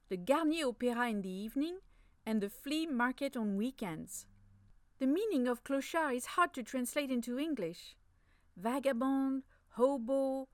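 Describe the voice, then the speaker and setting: A woman narrating a story in the first person, expressive, slipping in playful French phrases. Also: a little high, no echo, studio quality.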